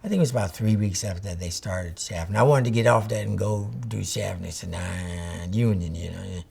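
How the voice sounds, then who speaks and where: Gravelly older man telling stories. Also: sits low, a little fast, a little mellow. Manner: rambling storyteller, acts out old conversations. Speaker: photographer interviewee. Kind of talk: reminiscing interview.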